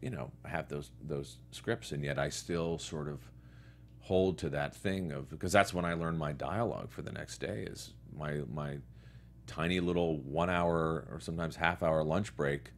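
A man's voice: very deep voice, moderate pace, slight background noise. A man from New York and Connecticut, a guest actor telling stories in a casual interview chat. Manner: relaxed storyteller, quoting others in his own voice.

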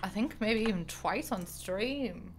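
At the end of her stream, a woman speaks in a mid-range voice at a measured pace, soft game music playing underneath. She's teary and emotional, chatty and self-mocking, wandering off and restarting as she talks.

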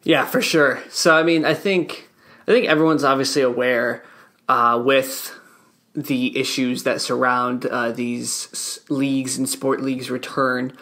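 A man's voice: mid-range voice, fairly bright tone. A man hosting a podcast, asking loose, rambling questions full of fillers. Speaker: podcast host. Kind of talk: casual chat.

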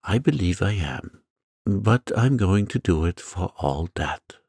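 A man voicing a brave, determined young girl in a storybook reading, in a steady, earnest way. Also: sits low, slow, gravelly, slightly rough, no echo, studio quality, heavily acted.

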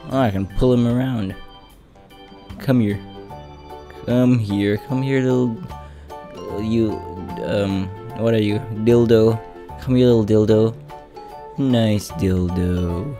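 A man's voice: fairly low pitch, steady tone, takes it slowly, pauses often, dark tone, soft background music. A young man giving rambling, goofy gameplay commentary, swearing often and breaking into sing-song exclamations. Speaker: gaming YouTuber.

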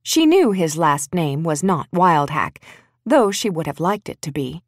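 A woman narrating an audiobook in an expressive, wry storytelling manner. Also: lowish voice, unhurried, dry recording, studio quality.

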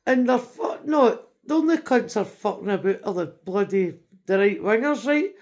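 A woman's voice: mid-range voice, expressive, normal speed, a little mellow. A Scottish woman from Scotland delivering a heated, rambling, sweary rant in a video message, constantly tagging her sentences with "right?". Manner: frequent tag question "right?".

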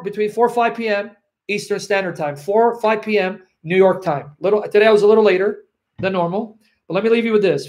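A man preaching to an online audience, acting out selfish voices that defy God and repeating phrases for emphasis. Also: sits high. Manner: acts out selfish voices talking back to God, then tells a personal story. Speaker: Christian preacher.

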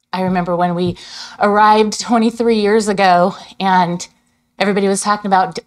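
Earnest middle-aged woman at a council podium. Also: on the low side. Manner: earnest, rambling, hesitant with ums. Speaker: business owner giving public comment. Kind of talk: public comment at a council meeting. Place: council chamber.

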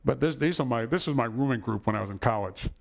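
Speaking quickly in a gravelly, animated, medium-pitched voice, a middle-aged man gives a personal lecture in a hall. Warm family stories fill his talk, and he keeps asking "right?"

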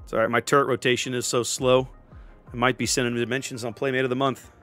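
A man's voice: mid-range voice, little pitch movement, quick pace, fairly bright tone, faint music behind. A man casually commentating his own naval battle game, joking and sarcastic with theatrical asides. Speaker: gameplay commentator.

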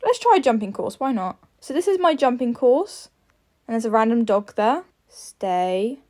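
A woman's voice: on the high side, sing-song, moderate pace, darkish tone. A woman casually narrating her gameplay, chatty and coaxing as she praises and urges on her horse. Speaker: gaming vlogger.

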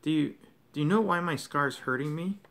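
A man reading aloud, voicing a curious, anxious teenage boy wizard a little higher and quicker than his own voice. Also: vocal fry, a bit bright.

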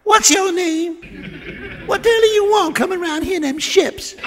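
A man voicing a feisty young woman in a high, shrill, scolding falsetto, on a live stage recording. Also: moderate pace, long reverb tail, a crowd in the background. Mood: defiant.

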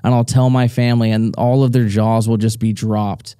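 A man's voice: fairly low pitch, flat delivery, normal speed, dark tone, smooth, no echo, clean studio sound. A young man co-hosting a live show, chatting playfully and jokingly with stretched-out emphasis. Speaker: co-host. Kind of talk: casual live Q&A chat. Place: stage at a live audience event.

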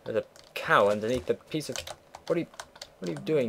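A man's voice: medium pitch, lively intonation, brisk, creaky, slight background noise. A teenage boy casually commentating his own gameplay, rambling and chatty, swearing offhand, at a home computer. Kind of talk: casual let's play commentary.

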